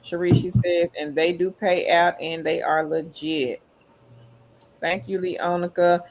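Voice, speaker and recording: A woman's voice: fairly low pitch, level tone, unhurried, a little mellow, a little hiss or hum. A woman hosting a livestream, reading viewers' chat comments aloud in an upbeat, friendly way. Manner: upbeat, calls viewers queen. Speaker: livestream host.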